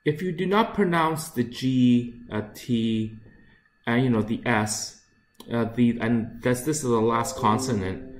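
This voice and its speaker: A man teaching English pronunciation, repeating each word slowly and carefully, with frequent fillers. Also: mid-range voice. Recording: echoey room.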